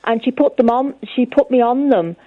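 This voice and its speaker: This is a chatty woman calling in to a radio phone-in, with a voice a little on the high side. She keeps recounting what she and others said to each other. Her line sounds dull and lo-fi, and close and dry. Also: lively intonation, moderate pace, no room sound. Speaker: caller. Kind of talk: phone-in chat.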